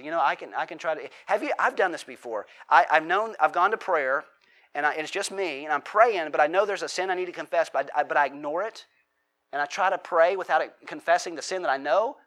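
A man's voice: on the high side, a bit bright. A man preaching a sermon as a pastor, talking casually, asking the congregation questions and acting out heartfelt prayers.

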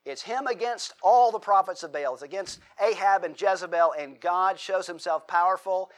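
Male preacher, sermon, slightly high voice, chatty, restarts words, swings from hushed to loud. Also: moderate pace. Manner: conversational, animated storytelling with rising emphasis; frequent restarts and repeated words.

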